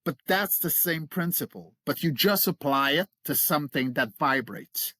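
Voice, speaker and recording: A man's voice: a little high, lively intonation, normal speed, sharp tone, no echo, studio quality. A middle-aged man, a guest on an interview, explaining vocal technique in an enthusiastic, explanatory way and laughing readily. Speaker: guest, creature voice coach.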